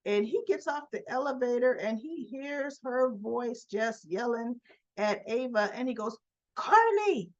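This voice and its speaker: A woman's voice: on the high side, a little slow, darkish tone, dull audio. A woman vlogger giving a casual recap of a soap opera episode, telling it as a story and acting out the characters' lines.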